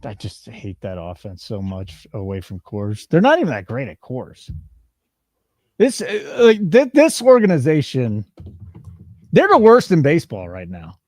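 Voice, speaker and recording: Man, sports betting co-host, lively up-and-down pitch, teasing, dry close sound. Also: a little slow, dry recording. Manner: animated, teasing, reads chat comments aloud. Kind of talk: casual live-stream banter.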